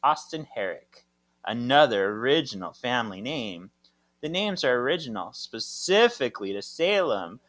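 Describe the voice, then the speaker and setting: Male co-host summarizing chapters, bright tone, lively and expressive delivery, wry asides. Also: mid-range voice, moderate pace. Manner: narrates plot summaries with dry asides and laughs. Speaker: podcast co-host. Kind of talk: casual chat reading a chapter summary.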